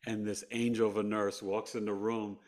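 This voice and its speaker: Animated man telling a personal story. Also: fairly low pitch, normal speed. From New York. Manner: animated, swings between hushed and loud, re-enacts dialogue. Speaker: podcast guest.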